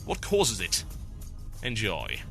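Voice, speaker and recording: A man's voice: fairly low pitch, slow, creaky, loud music behind the voice. A man from northern England hosting a gaming podcast, talking casually and acting out the voices in his stories. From Newcastle, England. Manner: animated, acts out quoted voices. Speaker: podcast host.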